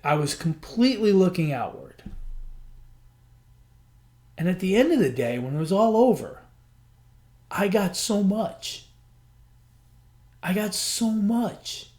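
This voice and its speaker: A man hosting a podcast, telling a personal story in a chatty, animated way and acting out the dialogue. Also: on the high side. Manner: animated, acts out quoted dialogue; chatty, frequent "I'm like" and "he goes". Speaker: podcast host. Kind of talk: storytelling monologue.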